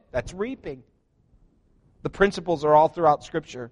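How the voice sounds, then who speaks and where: Animated man preaching a sermon. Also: on the high side, normal speed, long pauses. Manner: animated, joking asides, asks congregation for responses. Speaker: pastor. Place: church sanctuary.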